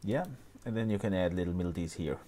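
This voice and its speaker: A man explaining music software step by step, often pausing with fillers and restarting his sentences. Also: sits low, slight background noise. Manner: hesitant, many fillers and restarts. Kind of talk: screen-recorded tutorial.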